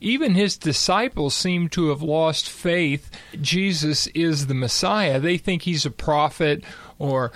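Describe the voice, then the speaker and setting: A man discussing a Bible passage in a measured, explanatory way. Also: fairly high pitch, fairly bright tone, no echo. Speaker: Bible teacher.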